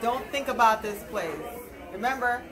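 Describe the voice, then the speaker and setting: A woman's voice: on the high side, moderate pace. A woman coworker saying an affectionate, teasing goodbye. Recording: crowd chatter behind.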